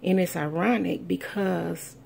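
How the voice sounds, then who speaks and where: Low gravelly woman telling a family story. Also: steady tone, measured pace, a little mellow, slight background noise. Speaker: speaker sharing a personal testimony. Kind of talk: heartfelt spoken testimony.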